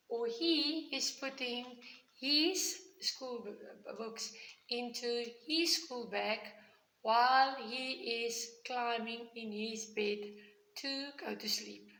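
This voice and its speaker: Bright slow woman teacher. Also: on the high side, reverberant, a little hiss or hum, low-quality recording. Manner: patient, explains slowly with repeated examples. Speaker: primary school teacher. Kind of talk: recorded grammar lesson for children.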